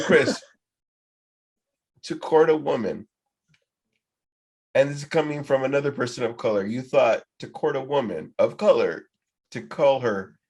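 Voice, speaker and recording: A man hosting a casual podcast trivia night, rambling and swearing freely as he talks. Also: mid-range voice. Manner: rambling, heavy swearing, loose and profane. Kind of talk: casual group chat.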